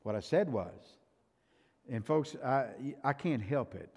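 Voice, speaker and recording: An older male pastor preaching a sermon, emphatic and swinging from loud to soft, in a church sanctuary. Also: medium pitch, expressive, takes it slowly, vocal fry, husky. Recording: reverberant church hall.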